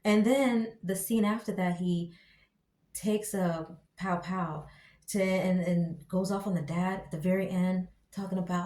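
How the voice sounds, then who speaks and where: A woman reviewing a TV show in casual commentary, ranting in an exasperated, slangy and animated way. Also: lowish voice, measured pace. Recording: echoey room.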